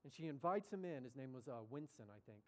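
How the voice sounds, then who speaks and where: A man delivers a sermon as a story at a fast clip, his voice at a medium pitch. He sounds conversational and animated, acting out the voices of the people in his tale.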